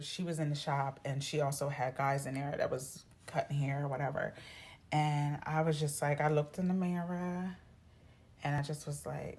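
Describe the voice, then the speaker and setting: Woman, low voice, chatty, animated, personal story vlog. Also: normal speed. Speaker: vlogger. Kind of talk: casual storytelling to camera.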